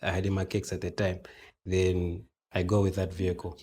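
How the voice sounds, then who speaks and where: A man's voice: deep voice, moderate pace, husky. A man, a guest in a casual interview, telling his story with animation and acting out the dialogue. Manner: animated, acts out dialogue in quoted voices.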